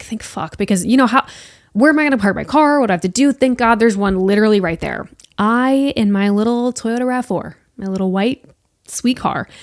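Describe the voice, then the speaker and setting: A young woman in a chatty podcast, telling a story with breathless energy and a steady stream of "like"s. Her voice sits at an ordinary middle pitch. It is recorded dry and close, with no room sound. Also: no echo. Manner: animated, breathless retelling with frequent "like" fillers. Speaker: podcast host. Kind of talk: casual storytelling.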